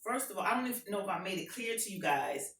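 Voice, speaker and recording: Woman, impassioned testimony, crisp bright voice, heard from a distance in a reverberant hall. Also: mid-range voice, lively intonation, fast. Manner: emotional, swings from hushed to shouting. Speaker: motivational speaker. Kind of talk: impassioned personal testimony to a live audience. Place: event hall with an audience. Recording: echoey hall, voice picked up from far off.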